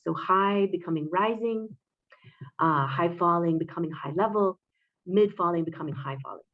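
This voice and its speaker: A woman presenting a recorded academic conference talk, explaining step by step in a measured way with frequent filler sounds. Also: fairly low pitch, lo-fi sound.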